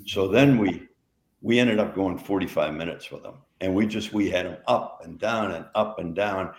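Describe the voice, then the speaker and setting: A man's voice: low voice, moderate pace, reverberant. An older man and retired wrestler, co-hosting a podcast and telling rambling anecdotes in a casual chat. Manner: rambling anecdotes, lots of restarts and laughs.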